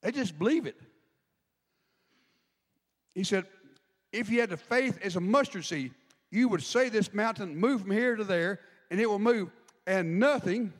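A man preaching a sermon, chatty, asking the congregation questions as he goes. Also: high-pitched. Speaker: pastor. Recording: long hall reverb.

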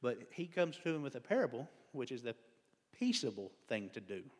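A man's voice: medium pitch, very animated, moderate pace. Folksy man preaching in an echoing hall. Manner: conversational, digressive, self-deprecating humor. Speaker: lay preacher. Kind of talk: folksy sermon. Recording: long hall reverb.

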